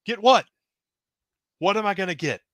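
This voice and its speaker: A man's voice: high-pitched, lively intonation, moderate pace, dry recording, pitched above the performer's own voice. A man doing a whiny aggrieved wrestler. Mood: indignant. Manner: whiny, self-pitying, loud outbursts. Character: frustrated male wrestler ranting he is held down. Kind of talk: wrestling promo impression.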